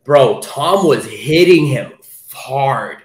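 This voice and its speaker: A young man talks eagerly on a casual podcast, swearing often and acting out lines from scenes. His voice sits at an ordinary pitch, with a roomy echo around it. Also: slow. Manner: excited, swears freely, acts out quotes. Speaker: podcast co-host. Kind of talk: casual chat, movie talk.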